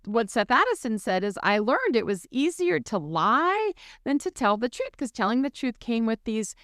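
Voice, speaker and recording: Woman, podcast co-host, smooth clear voice, animated storyteller, dry close mic. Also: a little high, normal speed, no echo. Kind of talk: casual faith podcast chat.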